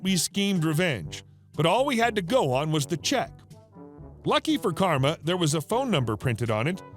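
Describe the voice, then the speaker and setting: A man reads reddit stories in a scripted, upbeat way. His voice sits high and swings freely in pitch, and faint music plays behind him. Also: a bit bright. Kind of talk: scripted narration.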